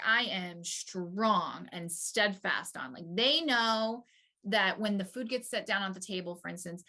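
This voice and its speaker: A woman's voice: mid-range voice, bright, forceful tone. A young woman, a mother, talking openly and hesitantly with restarts in a therapy session. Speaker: client mother.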